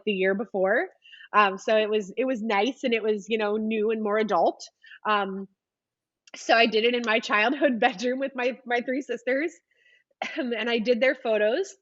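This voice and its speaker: A woman in her thirties telling a story in a casual, animated podcast interview with lots of ums. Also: a little high, no room sound, highs cut off. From United States. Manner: chatty, animated retelling with frequent ums. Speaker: podcast guest, photographer.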